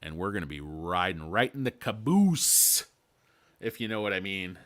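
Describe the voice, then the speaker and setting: A man's voice: deep voice, animated, normal speed, a bit bright. A man hosting a casual stock market video, rambling and irreverent with crude jokes, tired from lack of sleep.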